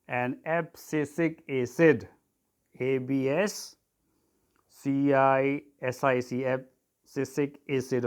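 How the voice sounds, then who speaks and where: A teacher giving a tutorial, dictating notes, spelling terms letter by letter, often saying "okay". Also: male voice, mid-range voice. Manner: repeats "okay" and "so", clears throat often. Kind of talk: classroom tutorial.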